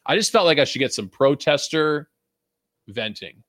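A man's voice: fairly high pitch, lively intonation, moderate pace, a bit bright, no echo, studio quality. A young man from Vancouver hosting a podcast, ranting in a casual, profane, rambling way and laughing often. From Vancouver, Canada. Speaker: podcast host.

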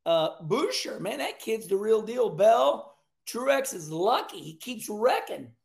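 An older man giving casual, joking commentary on a race, chatty and animated with frequent asides. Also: sits high, slow, vocal fry. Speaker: racing commentator.

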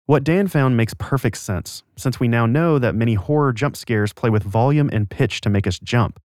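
A man hosting a podcast, giving scripted narration with a clear, even storytelling delivery. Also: medium pitch, normal speed, no room sound, studio quality. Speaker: podcast host.

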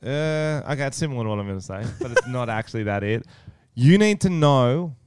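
Smooth-voiced Australian man bantering. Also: mid-range voice, quick pace, no echo. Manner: banter with swearing and frequent laughter. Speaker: podcast co-host. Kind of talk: casual chat.

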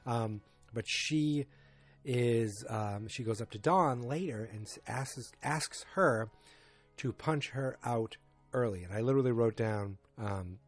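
A man's voice: fairly low pitch, unhurried, husky, soft background music. A man casually recapping a TV episode, thinking aloud and often restarting his sentences.

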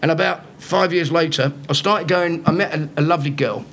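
A man's voice: a little high, fairly even intonation, fairly quick, vocal fry, fairly bright tone, slight background noise. A man, a comedian telling stories and teasing a live audience. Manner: joking, teasing the audience, laughing at own lines. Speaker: comedian guest. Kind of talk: live podcast stand-up storytelling.

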